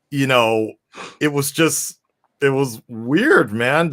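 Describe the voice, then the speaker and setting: A man's voice: on the high side, a bit bright. Rambling, profane man on a call-in show. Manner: rambling, profane, laughing asides. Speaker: host of a call-in discussion. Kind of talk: casual chat.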